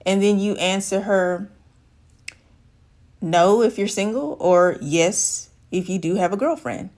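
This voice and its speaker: A woman's voice: mid-range voice, takes it slowly, darkish tone. A woman life coach giving advice straight to camera, talking through an everyday scenario and voicing the people in it. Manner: acts out dialogue, shifting voice for quoted women. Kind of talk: direct-to-camera advice talk.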